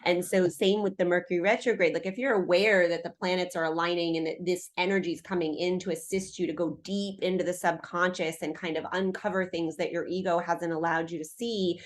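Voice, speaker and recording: A middle-aged woman in a casual spiritual chat, telling a personal story with lively acted-out quotes over a video call. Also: fairly low pitch, brisk, hardly any pauses. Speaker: podcast co-host.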